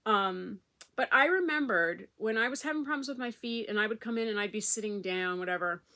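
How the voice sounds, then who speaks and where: A woman's voice: mid-range voice, a little fast, bright, forceful tone. A middle-aged woman vlogger chatting casually to camera, telling a rambling personal story with fillers and restarts.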